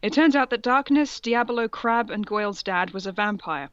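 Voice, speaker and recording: A woman's voice: a little high, moderate pace, a bit bright, highs cut off. A woman co-hosting a podcast, reading fan fiction aloud with mocking, laughing asides. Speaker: podcast co-host.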